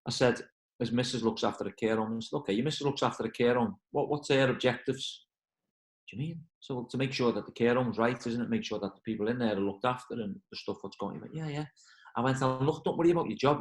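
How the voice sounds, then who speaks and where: A football manager talks fast in a casual interview, bringing his stories to life by acting out the people in them. His voice rings around an echoey room. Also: medium pitch. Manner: animated storyteller, acts out quoted voices.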